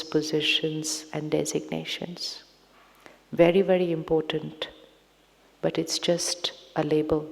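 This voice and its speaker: A woman with an Indian accent giving a slow meditation lecture as a spiritual teacher, repeating her lines and asking the audience questions. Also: sits low, creaky, a little mellow. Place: large lecture hall. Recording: long hall reverb.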